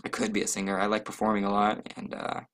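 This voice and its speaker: A young man hosts his own casual solo podcast, rambling along and cracking self-deprecating jokes in a loose, chatty way that trails off into plenty of fillers. He talks fast in a fairly low, slightly bright voice with a completely flat delivery.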